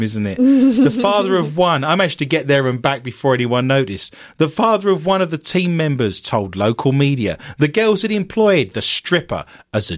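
A man's voice: mid-range voice, no echo, studio quality. A man co-hosting a comedy show, reading odd news stories and breaking off into sarcastic asides. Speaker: co-host.

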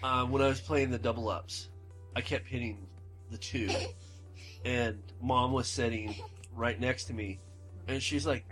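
A man's voice: mid-range voice, steady tone, measured pace, pauses often, fairly bright tone, faint music behind. A man chatting casually and easily, with hesitant "uh" and "um" fillers. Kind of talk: casual chat.

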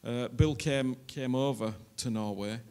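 A man's voice: mid-range voice, unhurried, clean tone. A man, a pastor who welcomes visiting guests to his church in a rambling way full of fillers. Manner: warm, rambling, hesitant with fillers.

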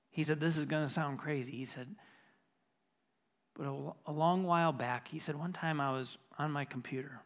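Earnest pastor man, slightly high voice. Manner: retells a conversation, voice dropping to a hush then rising intense. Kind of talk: sermon storytelling. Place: church.

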